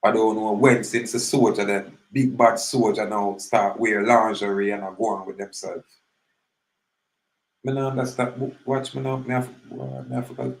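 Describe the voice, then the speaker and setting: Gravelly Jamaican man rambling in patois. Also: mid-range voice, echoey room, poor audio. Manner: rambling, mixes patois with English, acts out little scenes. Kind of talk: casual monologue commentary.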